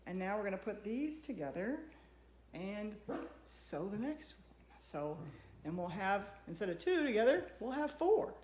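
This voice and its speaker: In a casual home sewing tutorial, a woman who runs a sewing channel chats to her dog as she works. She has a medium-pitched, slightly mellow voice, and the audio is reverberant with a faint hiss or hum.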